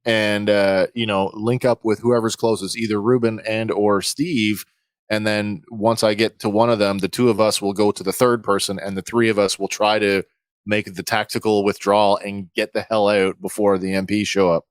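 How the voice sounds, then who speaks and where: A man playing a tabletop role-playing game, calm and methodical, with joking asides. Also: lowish voice, moderate pace, no room sound. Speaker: player.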